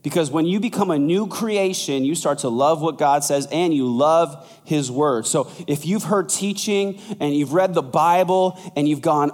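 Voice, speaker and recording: A man preaching a sermon as pastor, conversational and lively, acting out quoted voices. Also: moderate pace, hardly any pauses, in a large hall. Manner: animated, acts out quoted voices with big pitch jumps.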